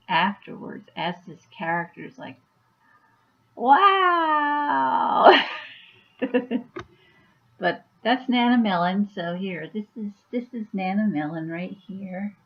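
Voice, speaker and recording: A woman's voice: mid-range voice, moderate pace, muffled recording. A woman chatting casually on her vlog at home, rambling with many fillers. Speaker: YouTuber and author.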